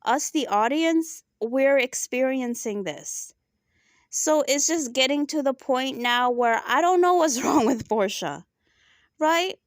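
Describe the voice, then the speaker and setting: A woman reviewing a reality TV episode in animated casual commentary, often asking "right?". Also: sits high, no echo, studio quality.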